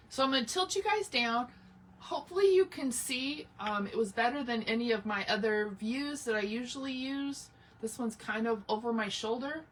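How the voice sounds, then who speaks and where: A woman's voice: fairly high pitch, fairly bright tone, recorded from a distance, a little hiss or hum. A woman hosting a casual live craft tutorial, chatting and greeting viewers by name as she works. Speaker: craft livestream host.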